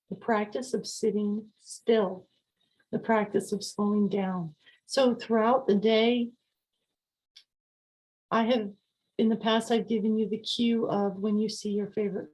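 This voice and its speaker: A woman hosting a podcast, talking calmly and repetitively as she coaches listeners on slowing down and mindfulness. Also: medium pitch, low-quality recording. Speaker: podcast host. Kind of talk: calm podcast talk on sleep and mindfulness.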